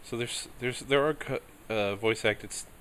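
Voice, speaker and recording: A man's voice: mid-range voice, measured pace, a bit bright, slight background noise. A man giving casual, offhand commentary while playing a story game, mumbling asides between lines. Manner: offhand, mumbling asides, reads dialogue aloud. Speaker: streamer.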